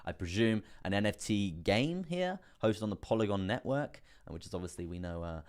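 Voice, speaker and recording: Young male streamer, deep low voice, laid-back rambling chart talk to his viewers. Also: expressive, fairly quick, a little mellow, smooth. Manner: chatty, fillers, repeats phrases, addresses viewers as guys and man. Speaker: crypto live stream host. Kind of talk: casual live chart analysis.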